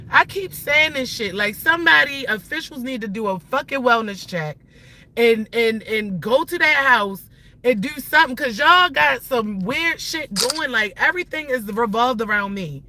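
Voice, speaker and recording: A woman in her thirties rants at her viewers from inside a moving car, swearing and repeating herself. Her voice is bright and forceful. A faint hum of car noise runs underneath. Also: high voice, rough recording. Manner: profane, heated, repetitive ranting at viewers. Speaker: livestreamer. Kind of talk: angry live-stream rant. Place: inside a car while driving.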